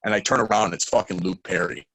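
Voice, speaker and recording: Low-voiced excitable young man. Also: fast talker, no echo, poor audio. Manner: excitable storyteller, acts out quotes loudly. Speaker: guest. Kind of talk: casual interview chat.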